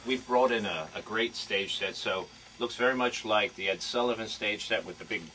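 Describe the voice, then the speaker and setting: A man's voice: lowish voice, normal speed, sharp tone, recorded from a distance, slight background noise, low-quality recording. A man guesting on a live radio show in a studio, describing his stage show in a rambling way with restarts. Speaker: tribute band performer, guest. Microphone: studio microphone.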